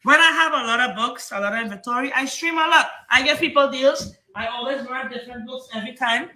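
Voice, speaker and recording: Bright heated Trinidadian man ranting. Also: very high voice, fairly quick, echoey room. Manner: rambling, repetitive, heated. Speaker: comic book seller and streamer. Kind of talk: defensive livestream rant.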